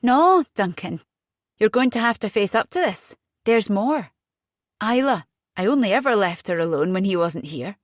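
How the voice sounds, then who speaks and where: A woman voicing an agitated young Scottish mother in an audiobook, speaking urgently with a rising pitch. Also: lively intonation, normal speed, no room sound, studio quality, natural voice.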